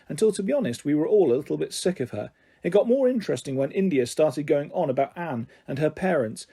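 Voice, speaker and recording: A man's voice: a little high, dark tone, slightly rough. A man reading a children's novel aloud, giving each character a slightly different voice. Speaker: storyteller.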